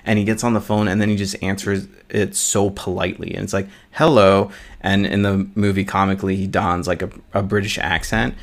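A man's voice: low-pitched, little pitch movement, a little fast, creaky, hardly any pauses. A man co-hosting a podcast, talking casually about movies in a rambling way with many fillers. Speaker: podcast co-host. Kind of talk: casual chat. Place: small studio.

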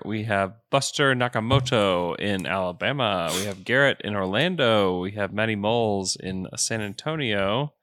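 Low-voiced man hosting with quick, enthusiastic chat, crisp and dry. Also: fairly bright tone, no room sound. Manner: quick, enthusiastic, loose filler words. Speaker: podcast host. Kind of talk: casual chat.

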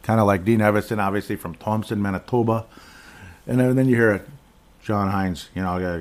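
A middle-aged man hosting a casual solo sports talk podcast, rambling and digressive with jokes, often clearing his throat. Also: fairly low pitch, brisk. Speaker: podcast host.

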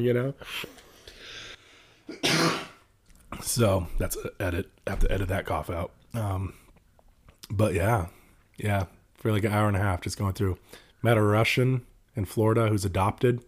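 Young man, low-ish voice, lively storyteller, casual podcast chat. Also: a little slow, pauses often. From California. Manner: animated storytelling, laughs often, voices others.

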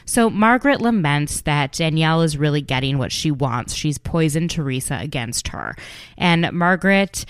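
A woman with a somewhat low voice recaps reality television for her podcast listeners. She talks in an animated, gossipy way and slips into the quoted lines as she tells them. The recording is dry and close, with no room sound. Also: moderate pace, clean tone, no room sound. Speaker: podcast host.

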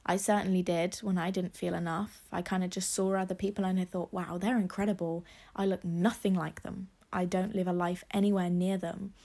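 This young woman's solo podcast is heartfelt, her encouragement tearful and emotional as she talks into a phone leaning on her laptop desk. She speaks briskly in a fairly low, warm voice with vocal fry and a flat delivery.

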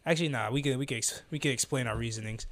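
A man's voice: mid-range voice, rapid-fire. A young man hosting a casual podcast chat, loose and slangy, often trailing off mid-thought. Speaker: podcast host.

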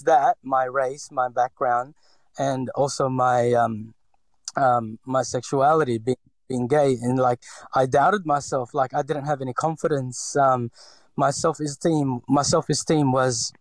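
A Filipino man in his forties, with a slight accent, tells his story in a reflective interview, hesitating with many fillers and restarts. His voice is medium in pitch, and the low-quality recording has no room sound.

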